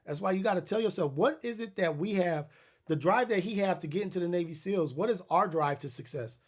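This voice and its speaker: A man's voice: high voice, a little fast, slightly rough. A middle-aged man hosting a podcast, telling stories in a loose, profane, rambling way with many restarts. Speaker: podcast host. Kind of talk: casual storytelling monologue.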